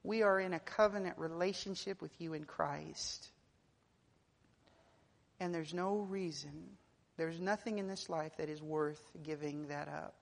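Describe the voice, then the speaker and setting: A woman delivers a sermon in a church sanctuary, her voice sitting fairly low. She presses her points with repeated words and climbs to loud, insistent peaks before sinking to a hush, and a long reverb trails each phrase. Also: a little slow, gravelly. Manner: builds to loud, emphatic preaching, then drops soft and low. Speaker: preacher. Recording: long reverb of a large hall.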